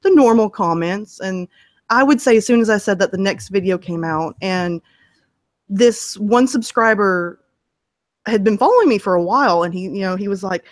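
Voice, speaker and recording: A woman sits as the guest in a relaxed interview and tells her stories in a chatty, easygoing way, laughing as she goes. Her voice sits mid-range and sounds close and dry, with no room around it. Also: medium pitch, normal speed, no echo. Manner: chatty, storytelling, laughs often. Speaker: interview guest, story narrator. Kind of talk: casual interview chat.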